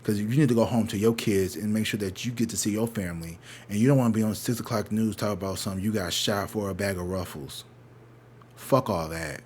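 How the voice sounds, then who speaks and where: Profane, animated man telling a story. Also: lowish voice, fast talker, a little hiss or hum. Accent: St. Louis. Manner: profane, animated, acts out other people's lines. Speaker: tarot reader telling a story. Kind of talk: casual storytime monologue.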